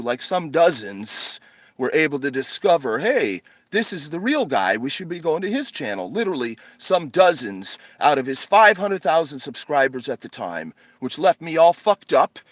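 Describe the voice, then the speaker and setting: A man's voice: a little high, fairly bright tone, no echo. A man vlogging to a handheld camera in an angry rant. He swears constantly, sighs heavily, and sounds tired and shaky. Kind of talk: angry profane vlog rant.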